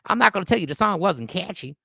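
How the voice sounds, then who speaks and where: A man's voice: high voice, animated, quick pace, vocal fry, pushed and bright, husky, dry recording, clean studio sound, exaggerated voice. A man putting on a ranting bigoted Texan. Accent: put-on Southern drawl. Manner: mocking, exaggerated drawl. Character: bigoted male Texan bar regular, ranting.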